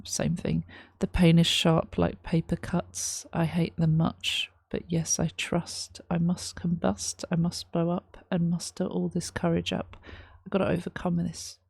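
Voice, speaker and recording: A woman reacting to a song, reading lyrics aloud and explaining them in a thoughtful, halting way, with many ums. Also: fairly low pitch, completely flat delivery, vocal fry, a little mellow, breathy edge, no echo. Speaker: music reaction host. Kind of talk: casual reaction commentary.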